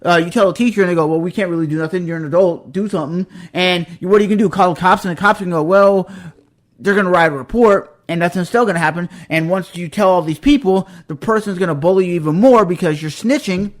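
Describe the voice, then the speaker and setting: A man's voice: high voice, fast talker. A young adult man hosting a podcast, telling a story in a casual, heated and emphatic way, acting out the quotes. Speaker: podcast host.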